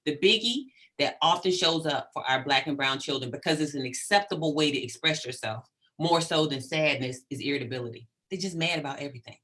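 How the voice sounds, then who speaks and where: A middle-aged woman, a psychologist guest in an interview, talking in an animated, emphatic way and checking in often with "right?". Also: low-pitched, a little fast, few pauses. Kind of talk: conversational interview.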